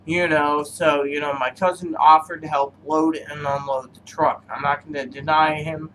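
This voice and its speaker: A man with a high, sharp-edged voice tells meandering personal stories between cigar notes. He hesitates often, filling gaps with "um" and "so", and drifts from one anecdote to the next. A faint background hiss sits under his talk. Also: level tone, rough recording. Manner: meandering, halting, full of fillers. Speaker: cigar reviewer. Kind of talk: rambling personal storytelling.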